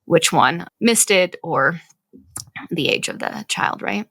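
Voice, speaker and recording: Gravelly-voiced mother giving parenting advice. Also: on the low side, lively intonation, slow pace, fairly bright tone, no room sound. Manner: earnest, explanatory, many "right?" tags. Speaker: podcast co-host. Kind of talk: casual parenting chat.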